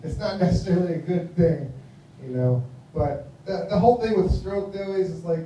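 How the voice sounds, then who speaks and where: American stand-up comic in his fifties, mumbly and rambling, fairly high mellow voice, picked up from far off in a very echoey venue with faint noise. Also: normal speed. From United States. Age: 50s. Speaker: stand-up comedian. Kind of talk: stand-up comedy set. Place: live comedy venue.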